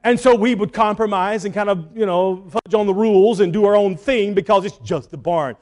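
A man's voice: high voice, brisk, a little mellow. A man preaching a sermon, telling a story with emphatic, repeated lines. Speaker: pastor.

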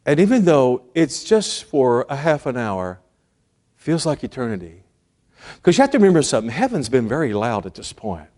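A middle-aged male pastor preaching a sermon, telling stories with sudden swings from loud bursts to hushed asides. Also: mid-range voice, very animated, moderate pace.

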